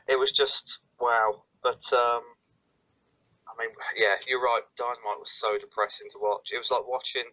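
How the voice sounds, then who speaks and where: A man with a bright, somewhat sharp voice co-hosts a casual podcast. He chats in a laid-back way and swears now and then. His audio sounds dull and lo-fi. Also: mid-range voice. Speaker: podcast co-host. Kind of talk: casual wrestling review chat. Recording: dull lo-fi mic.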